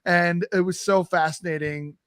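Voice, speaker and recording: A man's voice: high-pitched, moderate pace, no room sound. New York man hosting, dry close mic. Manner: animated, laughs easily, does playful impressions. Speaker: podcast host. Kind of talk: casual conversational interview.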